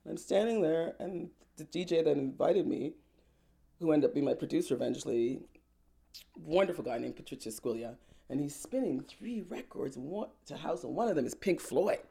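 An animated woman recounts her path as a singer, her voice jumping with laughter and playful acted-out quotes. She talks in a casual, unscripted interview manner. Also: deep voice, normal speed, creaky. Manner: lively, laughs often, acts out quotes. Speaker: singer-songwriter guest. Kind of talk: animated personal storytelling.

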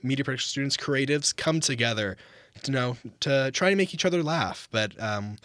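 A man's voice: mid-range voice, moderate pace, dry recording, studio quality. Teasing young man hosting a podcast. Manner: teasing, deadpan jokey banter. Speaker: podcast host. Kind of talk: casual comedic chat.

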